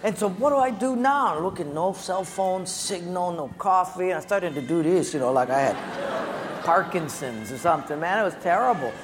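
Animated pastor in a reverberant church. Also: male voice, high-pitched, moderate pace. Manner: animated storytelling with acted-out quotes and laughter. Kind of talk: sermon. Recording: long hall reverb with faint ambience.

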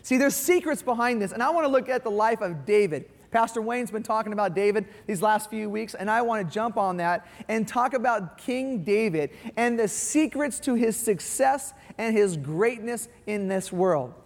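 A man in his forties preaches in a church, his voice notably high for a man and carried by a long, ringing reverb. He talks in a folksy, playful way, joking with the congregation. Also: lively intonation, normal speed, creaky, hardly any pauses. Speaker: guest pastor. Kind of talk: sermon. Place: church sanctuary.

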